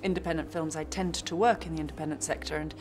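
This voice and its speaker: A woman's voice: low voice, fairly even intonation, fast, background noise. A woman actress answering interview questions in a reflective way, often restarting her sentences and adding playful asides.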